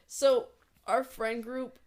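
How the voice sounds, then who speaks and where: A woman's voice: fairly high pitch, little pitch movement, slow, darkish tone. A young woman co-hosting a podcast in casual chat, laid-back and swearing casually. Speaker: podcast co-host.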